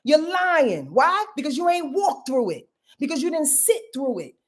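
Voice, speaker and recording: A woman's voice: high voice, big pitch swings, moderate pace. A woman astrologer giving a live reading, emphatic and talking straight to her viewers, repeating phrases and laughing at her own jokes, with features.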